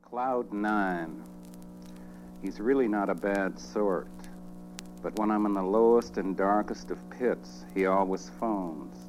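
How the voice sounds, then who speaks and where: A man reading spoken-word poetry in a dry, deadpan, measured way. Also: fairly low pitch, slight background noise, poor audio.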